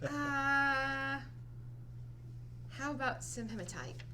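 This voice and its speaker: A woman's voice: high voice, very slow, background noise. A woman playing a tabletop game, talking hesitantly and laughing with friends. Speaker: player. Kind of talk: casual tabletop play.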